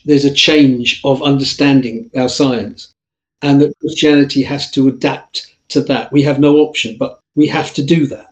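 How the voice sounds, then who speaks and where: A man's voice: mid-range voice, muffled recording. A man chatting as a guest on a podcast, reminiscing about a friend and laughing often. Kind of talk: casual chat.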